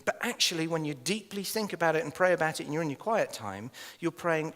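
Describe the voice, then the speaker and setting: An English man delivers a sermon with lively, jokey storytelling, slipping into acted asides and chuckles. His voice sits a little high for a man. Long reverb of a church hall trails behind him. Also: a little fast. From England. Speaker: minister.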